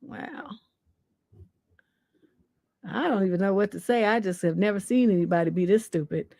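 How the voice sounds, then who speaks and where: A woman's voice: mid-range voice, moderate pace, vocal fry, warm tone, no room sound, studio quality. A middle-aged woman hosting a livestream as a relationship coach, reading listener questions aloud and answering in a blunt, profane, mocking way. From Northern California. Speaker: relationship coach and show host.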